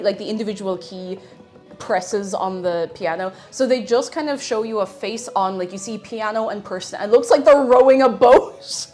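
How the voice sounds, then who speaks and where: A woman's voice: medium pitch, fairly quick, darkish tone, faint music behind. A woman streaming live, chatting casually with viewers in a playful, giggly way, humming to herself now and then. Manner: chatty and playful, laughs often, hums to herself.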